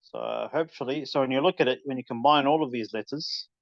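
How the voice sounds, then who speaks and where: A man's voice: mid-range voice, quick pace, vocal fry, dry recording, muffled recording. A man teaching a casual recitation lesson, demonstrating letter sounds aloud as he explains. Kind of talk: informal tajweed lesson.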